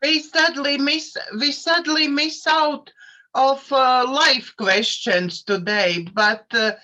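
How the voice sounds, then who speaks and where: A woman hosting the chat, speaking halting English. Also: high voice, pushed and bright. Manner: halting non-native English. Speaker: host. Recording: dull lo-fi video call audio.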